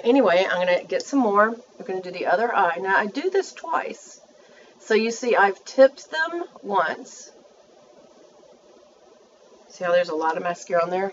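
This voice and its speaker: A woman's voice: mid-range voice, dull audio, slight background noise. A woman, chatting through a makeup tutorial and talking to her viewers as she works. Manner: chatty, self-narrating, addresses viewers as y'all. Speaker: beauty vlogger.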